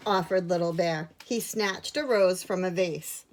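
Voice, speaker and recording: A woman teacher reading a picture book aloud to children in a gentle, expressive way. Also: on the low side, measured pace, a little hiss or hum.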